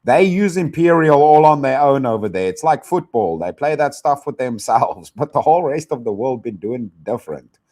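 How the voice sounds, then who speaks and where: A man's voice: medium pitch, animated, moderate pace, a little mellow. A young South African man hosting a stream, chatting in a teasing, rambling, slangy way. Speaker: streamer host. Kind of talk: casual reaction stream chat.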